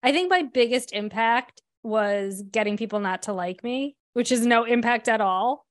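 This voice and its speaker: A woman's voice: a little high, normal speed. A woman co-hosting a podcast in casual chat, with a voice that people call condescending. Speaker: podcast co-host.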